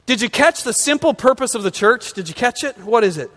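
A man's voice: extremely high pitch, lively intonation, brisk, few pauses, a bit bright. A man pastor delivering a conversational sermon, asking his congregation rhetorical questions as he goes. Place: church sanctuary. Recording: long reverb of a large hall.

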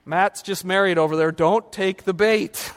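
A man with a strikingly high speaking voice preaches a sermon in a church sanctuary, and his words trail off into a long reverb. He talks conversationally, quizzes the congregation and drops in light humorous asides. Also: steady tone, measured pace. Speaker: pastor.

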